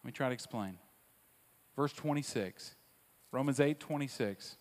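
Man, preacher, sermon, dynamic delivery, soft asides then loud repeated lines, voice ringing in a big church. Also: medium pitch, normal speed. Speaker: pastor. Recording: long reverb of a large hall.

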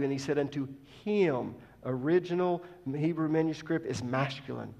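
A man preaching a sermon. He teaches scripture with emphatic stresses that drop to soft asides. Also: on the high side, moderate pace, creaky, highs cut off. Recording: long reverb of a large hall.

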